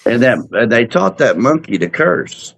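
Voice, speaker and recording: A man, co-hosting a live cruise talk show, telling folksy stories in a relaxed, unhurried way. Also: medium pitch, vocal fry. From Texas. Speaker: podcast co-host. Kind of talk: casual chat, storytelling.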